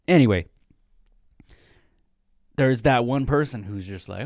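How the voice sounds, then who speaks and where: A man's voice: mid-range voice, a little slow, long pauses, darkish tone, no echo, studio quality. A young man hosting his own podcast, rambling casually with joking asides. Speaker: podcast host. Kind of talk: casual solo chat.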